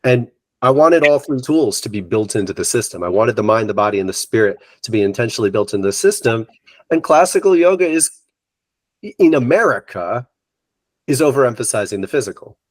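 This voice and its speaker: In an interview, a middle-aged man who teaches yoga recounts a personal story with animation, voicing the words of others. He talks fairly quickly in a mid-range voice, with no room sound in the recording.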